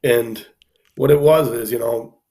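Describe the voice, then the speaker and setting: A man casually telling an anecdote on a live stream, animated, acting out the people he quotes, with plenty of fillers. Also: mid-range voice, measured pace.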